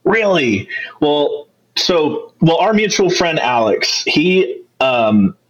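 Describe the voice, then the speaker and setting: A man's voice: fairly high pitch, sing-song, slow pace, lo-fi sound. A man co-hosting a podcast in casual chat, laughing often and rambling. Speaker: podcast co-host.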